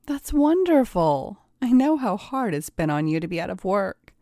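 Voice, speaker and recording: A woman playing a sweet, trusting young fiancée, eager and curious, her voice lifting high and lively. The storybook character sounds close and dry. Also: fairly quick, dry recording, lightly acted.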